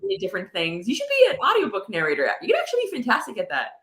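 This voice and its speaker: Give me a woman with a lively, swooping voice, chatting casually and laughing along. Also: on the high side, very fast, slight background noise. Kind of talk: casual chat.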